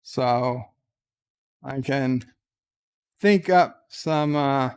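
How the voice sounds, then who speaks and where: Slow, gravelly man chatting casually. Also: mid-range voice, darkish tone. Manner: rambling, hesitant, many fillers. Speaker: streamer. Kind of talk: casual chat.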